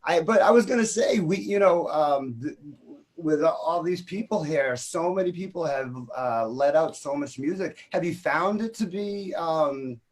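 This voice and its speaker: A man's voice: on the high side, measured pace. A man from Boston with a Boston accent, hosting a casual video chat and talking in an enthusiastic, rambling way. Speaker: podcast host.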